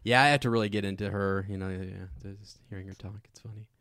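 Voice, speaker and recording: A man with a low voice co-hosts a casual podcast, chatting about a film. He rambles, restarts and breaks up his sentences. The recording is dry and close. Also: fairly even intonation, fast, a bit bright, no room sound. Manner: rambling, full of fillers and restarts. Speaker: podcast co-host.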